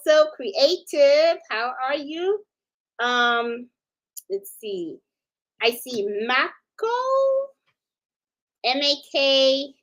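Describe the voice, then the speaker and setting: Hosting a casual livestream, a middle-aged New York City woman greets her viewers individually and chats in a rambling way, restarting often and using plenty of fillers. Her high voice is a bit bright, and the recording quality is low.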